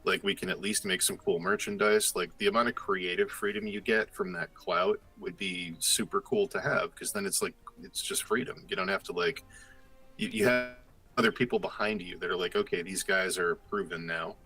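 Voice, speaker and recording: A young man chatting casually, telling a story in a rambling, animated way and acting out both sides of the dialogue. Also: low-pitched, moderate pace, breathy edge, faint music behind, rough recording. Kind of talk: casual chat.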